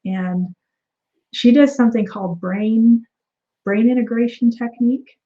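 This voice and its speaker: A woman guest in an interview, telling her story in a casual, animated way, acting out quoted dialogue with many fillers and restarts. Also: a little high, unhurried, highs cut off.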